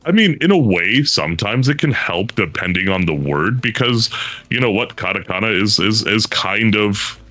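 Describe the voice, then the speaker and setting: A man's voice: lowish voice, expressive, moderate pace, bright, forceful tone, dry recording, faint music behind. A man in a casual panel chat, rambling with many fillers and now and then mimicking others for laughs. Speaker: panel guest.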